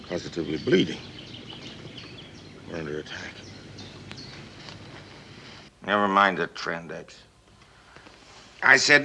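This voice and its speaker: A man's voice: low voice, gravelly, sharp tone, slight background noise, exaggerated voice. An actor playing a brash, boastful TV showman in a 1950s film, talking in a bombastic, domineering way. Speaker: TV broadcaster on safari.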